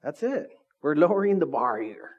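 Man, middle-aged pastor, casual sermon, self-deprecating, asks the room questions, slightly high voice, dull lo-fi sound. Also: sing-song, moderate pace, slightly rough. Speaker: lead pastor. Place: small church.

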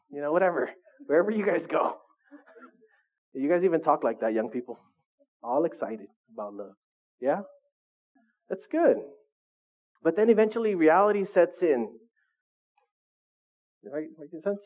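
A man's voice: a little high, sing-song, unhurried, long pauses. A middle-aged male pastor preaching a sermon in a conversational way, often asking his listeners questions. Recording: phone-like narrow sound.

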